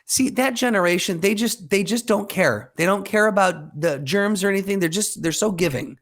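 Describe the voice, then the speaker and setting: A sweet, gushing older woman in an airport café, as a man puts her on, her voice pitched well up and sugary. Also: moderate pace, a bit bright. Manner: high, gushing impersonation.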